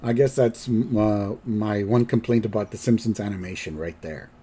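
A man's voice: lowish voice, moderate pace, warm tone, breathy edge. A man hosting a podcast, chattily recapping a cartoon episode with a rambling, self-correcting delivery. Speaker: podcast host.

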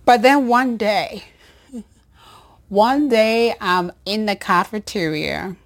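A woman who works as a nurse, telling a personal story to her audience, emotional and rambling, with soft laughs and phrases dropped to a breathy whisper. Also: mid-range voice, takes it slowly. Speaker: nurse and show host.

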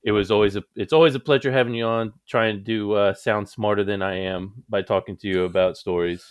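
A man's voice: fairly low pitch, fairly even intonation, a little fast, smooth, no echo, studio quality. A man hosting a podcast, teasing and joking in casual banter with his guest. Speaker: podcast host.

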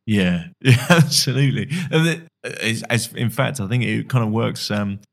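Gravelly-voiced male podcast host. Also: fairly low pitch, lively intonation, moderate pace, slight background noise. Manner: friendly, asks rambling questions with fillers. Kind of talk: casual interview chat.

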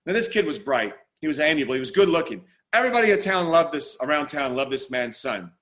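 A man's voice: a little high, big pitch swings, fast talker, a bit bright. A man preaching a sermon, telling a parable and then praying, with earnest, dramatic pacing and emphatic repetition. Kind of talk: sermon storytelling.

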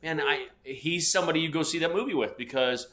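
Bright-voiced man in his fifties rambling. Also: a little high, fairly quick. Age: 50s. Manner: rambling storyteller, swears freely. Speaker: podcast co-host. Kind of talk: casual chat.

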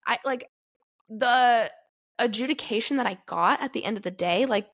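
A woman in her twenties co-hosting a podcast, talking casually with lots of "like" and lively retellings. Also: on the high side, normal speed. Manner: chatty, heavy use of "like", animated retellings. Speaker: podcast co-host. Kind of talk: casual chat.

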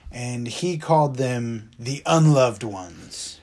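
A man's voice: medium pitch, animated, takes it slowly, a little mellow. A man in casual chat, recapping a film plot, laughing easily and chiming in to agree. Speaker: podcast co-host recapping a film.

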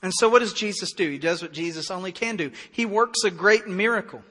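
A man preaching a sermon as pastor, in a conversational, animated way with acted-out dialogue. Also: sits high, fairly quick, long reverb tail.

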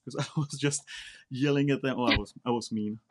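This man's mid-range voice is brisk, with fairly even intonation. He's a Czech Air Force member whose first language is Czech, chatting casually as an interview guest in a blunt, straightforward manner and often repeating words.

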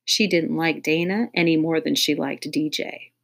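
A woman's voice: sits low, fairly even intonation, moderate pace, creaky, slightly rough. A woman reading a children's audiobook aloud in a playful way, speaking directly to young listeners. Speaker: audiobook reader.

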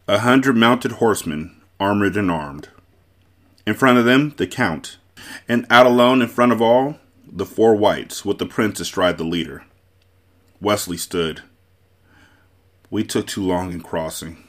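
A man hosting a book club podcast, reading a novel aloud with measured storytelling. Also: sits low, fairly bright tone.

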